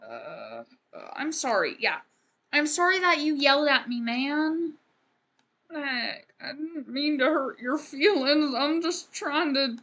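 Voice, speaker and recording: A woman's voice: sits high, expressive, takes it slowly, pushed and bright. A woman streamer giving casual gameplay commentary, rambling and joking as she talks to the game characters.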